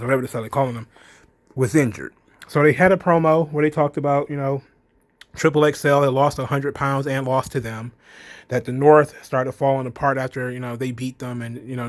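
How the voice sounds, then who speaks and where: A man giving a loose, rambling casual recap, filling his talk with "you know" and "kinda". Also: mid-range voice. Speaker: wrestling show reviewer.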